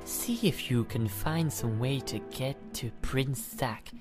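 A man voicing a creepy, ghostly male guide to a wizard city, speaking slowly and quietly. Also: medium pitch, music in the background, lightly acted. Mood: eerie.

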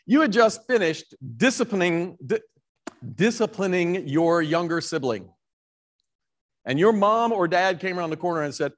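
A man with a somewhat high voice delivers a sermon in a church in a loose, conversational way. He is animated and stops to correct himself, with asides to the congregation. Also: moderate pace. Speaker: priest and rector.

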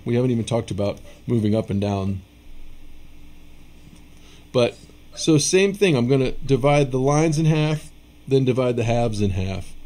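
A man teaching rhythm writing in a relaxed video lesson, counting and scatting beats aloud, with a casual, self-deprecating manner. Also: mid-range voice. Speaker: music teacher.

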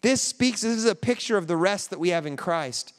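A male pastor delivers an earnest, conversational sermon, often restarting his sentences. His voice sits high and sounds smooth and resonant. The long reverb of a large hall trails after each phrase. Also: animated, a little fast.

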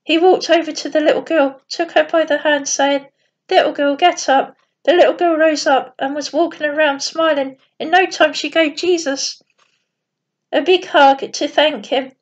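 High-voiced woman reading a bedtime story. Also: fairly even intonation, normal speed. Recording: dull lo-fi recording.

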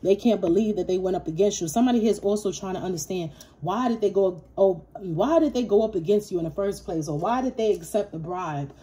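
A woman's voice: medium pitch, fast, hardly any pauses, mellow. A woman giving a casual tarot reading, blunt and profane, talking straight to the viewer and repeating herself for emphasis. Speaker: tarot reader.

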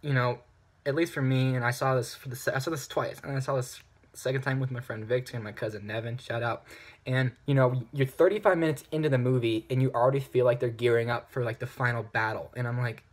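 A man giving a casual spoken movie review, animated and ranting, with outbursts of frustration. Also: mid-range voice, fast talker.

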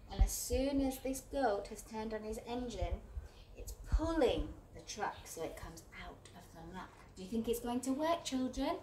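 A woman's voice: medium pitch, a little hiss or hum. A woman reading a picture book aloud to children in a sing-song storyteller manner, asking them questions along the way. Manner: animated, sing-song, talks to kids.

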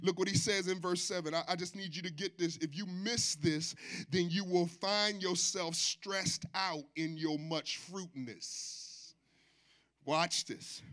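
Bright high-voiced preaching man. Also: fairly even intonation, a little slow. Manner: call-and-response preaching, swinging from soft to shouting. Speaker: pastor. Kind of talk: sermon. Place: church sanctuary.

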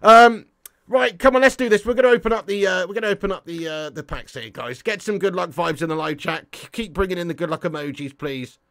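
A young man casually chatting on a game live stream, jokey and quick to laugh. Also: high-pitched, a bit bright, no room sound, studio quality.

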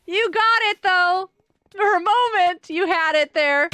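A woman streaming a game live, giggling often and reacting excitedly while greeting her viewers. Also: very high-pitched, a little slow, no echo. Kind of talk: live-stream gameplay commentary.

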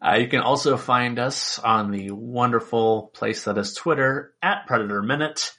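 A man hosting a podcast, chatting in a relaxed, rambling way with plenty of fillers. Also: medium pitch, moderate pace. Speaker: podcast host. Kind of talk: casual chat.

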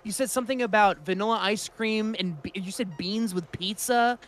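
High, bright man playing a comic character. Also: normal speed. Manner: rambling, comedic, talks through his character's actions. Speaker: guest player. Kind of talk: improvised tabletop role-play.

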